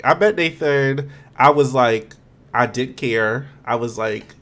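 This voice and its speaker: A young man from Philadelphia with a Philly accent, a podcast guest telling stories fast and bluntly in casual chat. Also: medium pitch, a little hiss or hum. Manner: talks fast and blunt, animated storytelling.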